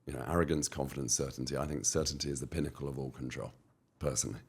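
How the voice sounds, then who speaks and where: Very deep-voiced British man, motivational. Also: fairly even intonation, very fast, breathy edge. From United Kingdom. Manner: emphatic, motivational, repeats phrases. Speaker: guest entrepreneur. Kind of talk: podcast interview.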